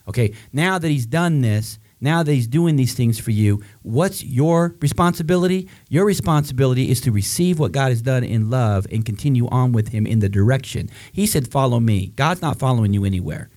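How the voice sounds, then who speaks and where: A man preaching a sermon with fervent rhetorical questions, his voice rising high to drive points home. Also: lively intonation, a little fast, dark tone.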